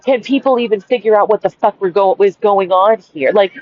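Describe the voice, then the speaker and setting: A woman in her forties venting on a dark sidewalk at night, angry, swearing constantly and repeating herself. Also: medium pitch, a little fast, highs cut off, slight background noise. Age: 40s. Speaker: vlogger. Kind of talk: rambling outdoor vent. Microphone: wireless headphones.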